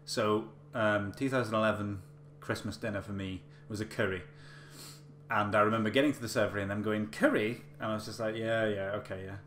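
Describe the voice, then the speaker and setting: A man's voice: fairly low pitch, steady tone, a little fast, a bit bright. A man chatting casually to camera, telling a story with many fillers and restarts. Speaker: vlogger. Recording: echoey room with faint hum.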